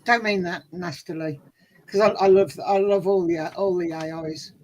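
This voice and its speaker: A woman's voice: on the low side, steady tone, moderate pace, darkish tone. A woman from Birmingham with a Birmingham accent, telling stories and laughing in a casual group chat. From Birmingham, England. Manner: chatty, laughing storyteller. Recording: noisy background.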